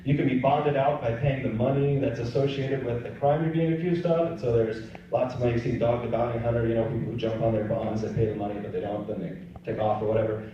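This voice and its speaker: Man, missionary testimony, conversational storytelling, mellow tone, distant dull recording. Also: mid-range voice, steady tone, fast talker, few pauses, a little hiss or hum. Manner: conversational, acts out dialogue in quotes. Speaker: pro-life missionary. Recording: distant, echoey, dull-sounding room recording.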